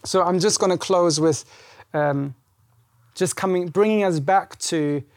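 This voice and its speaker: Recorded in a studio with no echo, a man with a high voice preaches unhurriedly at a church service. His sermon is conversational and animated, and he acts out the scripture's dialogue.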